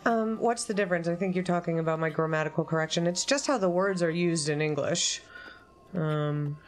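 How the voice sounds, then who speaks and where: A woman's voice: on the low side, brisk, slight background noise. A woman co-hosting a live game stream, chatting casually and rambling with frequent ums and the odd swear word.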